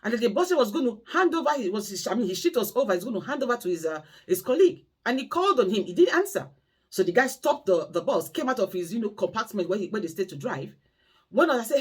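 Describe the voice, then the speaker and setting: A woman's voice: a little high, big pitch swings, fast talker, breathy edge. A woman carer vlogger telling cautionary stories and pleading emphatically with her audience. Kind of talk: impassioned storytelling monologue.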